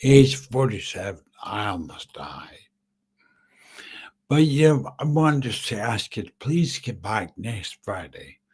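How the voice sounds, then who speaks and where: A middle-aged man hosting a live podcast, halting and choked up as he tells his own story through tears. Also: fairly low pitch, big pitch swings, a little mellow, husky. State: tearful. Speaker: podcast host. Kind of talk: live-streamed personal story.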